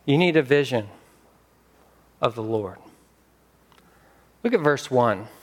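A man preaching a sermon as pastor, emphatic with dramatic pauses. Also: mid-range voice, animated.

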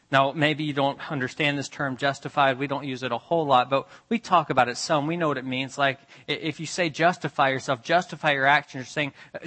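A man preaching a sermon, retelling a story dramatically and moving between urgent, rising passages and hushed, drawn-out ones. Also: a little high, rough recording. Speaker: pastor.

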